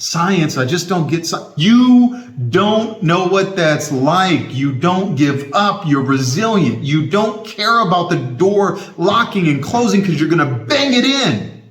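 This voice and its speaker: A man's voice: a little high, a bit bright, echoey room. A man giving an impassioned motivational talk straight to his viewers, repeating his points with heavy emphasis. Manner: impassioned, repetitive and emphatic, emotional to the point of tearing up. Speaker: motivational speaker.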